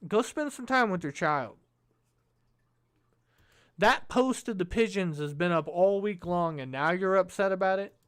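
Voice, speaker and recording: A man giving reaction commentary in a sarcastic, mocking tone. His voice is smooth and clear, sitting a little higher than most men's. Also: measured pace, long pauses, fairly bright tone.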